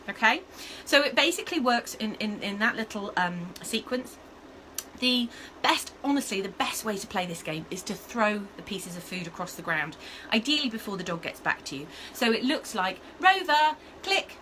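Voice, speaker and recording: A woman, a dog trainer giving a casual lesson to camera, chatty and animated, checking in often with "okay?" and "all right?". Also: medium pitch, slight background noise, low-quality recording. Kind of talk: casual instructional talk to camera.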